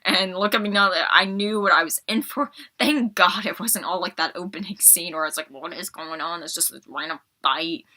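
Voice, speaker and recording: Bright, exasperated young woman ranting. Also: on the low side, a little fast, hardly any pauses. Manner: exasperated, sarcastic, animated. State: slightly sick. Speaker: podcast host. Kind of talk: casual film review rant.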